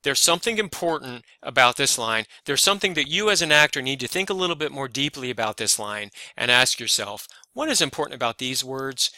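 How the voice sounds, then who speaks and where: A man's voice: mid-range voice, animated, fairly quick, few pauses, sharp tone, no room sound. A man teaching how verse rhythm works for actors in a casual explainer video, thinking aloud with fillers and restarts. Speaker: acting teacher.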